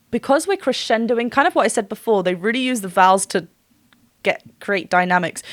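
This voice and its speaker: A woman's voice: medium pitch, lively intonation, moderate pace, no room sound, clean studio sound. A woman working as a vocal coach, giving a gushing reaction and analysis with frequent laughs and short sung demo notes.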